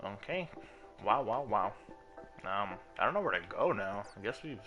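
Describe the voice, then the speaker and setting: A man from the United States talking casually over his gameplay, rambling and swearing often, with sudden excited outbursts. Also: medium pitch, slight background noise. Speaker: gaming video host. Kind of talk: casual gameplay commentary and rant.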